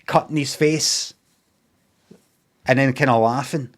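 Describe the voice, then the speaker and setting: A man's voice: mid-range voice, fairly even intonation, moderate pace. A man with a Scottish accent recapping a film in a casual, rambling way, swearing freely and filling gaps with ums and asides. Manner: sweary, meandering, with lots of fillers and asides. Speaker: streamer reviewing a film.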